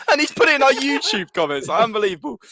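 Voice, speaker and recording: A man co-hosting a casual livestream chat, excitable and reading out chat messages. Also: extremely high pitch, fast talker, dry recording. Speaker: co-host.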